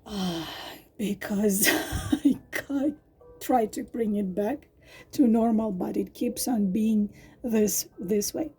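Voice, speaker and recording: A woman tarot reader with a hoarse, partly lost voice, talking casually and haltingly with many fillers and restarts. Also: medium pitch, darkish tone, soft background music. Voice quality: husky, breathy. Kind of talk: casual tarot reading monologue.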